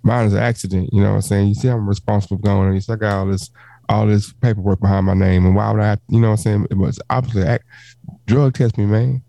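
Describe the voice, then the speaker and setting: A man's voice: lowish voice, flat delivery, fast, vocal fry, mellow, low-quality recording. A man in casual podcast chat, laid-back and rambling, with a slangy way of talking. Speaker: podcast co-host.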